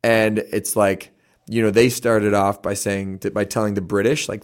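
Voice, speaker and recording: Chatty Canadian man, low voice. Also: moderate pace. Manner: animated, chatty, lots of fillers, lively impressions in quotes. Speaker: interview guest, band musician. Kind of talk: casual interview answers.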